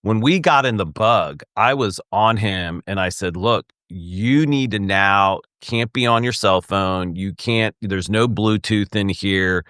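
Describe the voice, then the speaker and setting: A middle-aged man in casual podcast chat, telling animated stories and acting out the voices of other people. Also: low-pitched, slow, hardly any pauses, smooth, no echo, clean studio sound. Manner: animated storyteller acting out quoted dialogue. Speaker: podcast co-host or guest.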